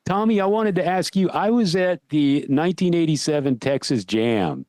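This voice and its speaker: A man hosting a podcast, chatting casually and telling a long, lively story before asking his guest a question. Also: fairly high pitch, moderate pace, no room sound. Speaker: podcast host. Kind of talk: casual interview chat.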